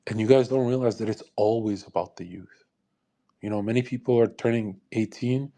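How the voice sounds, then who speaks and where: A man's voice: lowish voice, normal speed, vocal fry, mellow. A young man in his twenties hosting a live audio room, talking in a crude, combative and boastful way. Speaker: livestream host.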